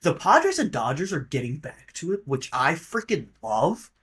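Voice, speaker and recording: A man's voice: on the high side, huge pitch swings, moderate pace, a bit bright, slightly rough. A man hosting a casual solo podcast monologue, rambling and offhand and swearing casually. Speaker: podcast host.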